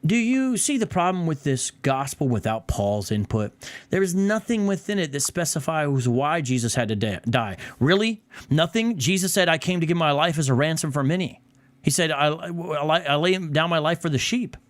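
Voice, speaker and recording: A man's voice: on the high side, expressive, normal speed, no echo. A man hosting a podcast, reading a passage aloud and breaking in with heated, exasperated rebuttals. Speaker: podcast host.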